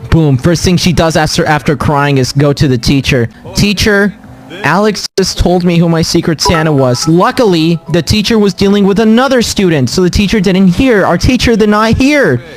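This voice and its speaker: A man streaming to his chat, telling a story in a dramatic, profane, animated way. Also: high-pitched. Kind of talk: casual storytelling to a live chat.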